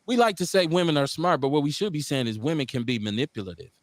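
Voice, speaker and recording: A middle-aged man hosting a casual basement radio talk show. His voice sits high and swings widely in pitch. He swears freely and acts out the people in his stories. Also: sing-song, quick pace, no echo, clean studio sound. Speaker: host.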